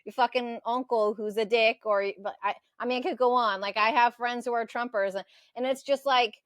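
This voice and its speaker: A woman's voice: a little high, fairly even intonation, fairly quick, dry recording, studio quality. A woman co-hosting a podcast, ranting in a heated, profane, casual political chat. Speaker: podcast co-host.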